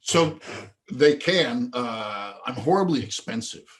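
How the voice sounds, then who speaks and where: Animated male storyteller, mid-pitched. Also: takes it slowly. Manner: animated storyteller who acts out quoted dialogue. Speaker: guest, event organizer. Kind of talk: storytelling in a podcast interview.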